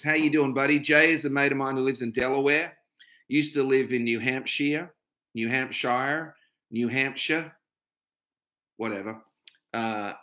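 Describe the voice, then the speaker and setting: This middle-aged man with an Australian accent runs a relaxed livestream from his home, saying hello to viewers by name and then opening up reflectively about his personal experiences. He talks in a mid-range voice with a bright, forceful tone.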